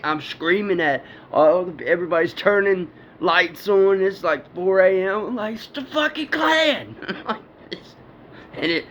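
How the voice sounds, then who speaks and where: A man's voice: a little high, fairly bright tone. A man telling a personal story in a rambling, profane way, often laughing. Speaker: storyteller recounting a personal encounter. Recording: dull lo-fi with faint background noise.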